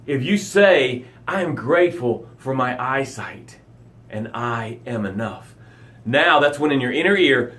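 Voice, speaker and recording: A man hosting a motivational live broadcast, speaking directly to his listeners in short punchy phrases and swinging from loud emphasis to hushed low lines. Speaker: motivational coach and show host.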